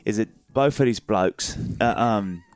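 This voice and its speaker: A man's voice: lowish voice, unhurried, darkish tone. A man in his thirties co-hosting a casual podcast, chatty and joking. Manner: chatty, joking, with lots of fillers and laughs. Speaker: podcast co-host. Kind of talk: casual chat.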